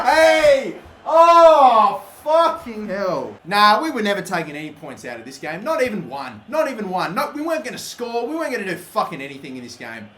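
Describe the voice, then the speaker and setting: Echoey, foul-mouthed young male gamer. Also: a little high. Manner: swears constantly, swings between exasperated and excitable yelling. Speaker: gaming channel host. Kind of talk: live football game commentary. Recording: echoey room with faint background noise.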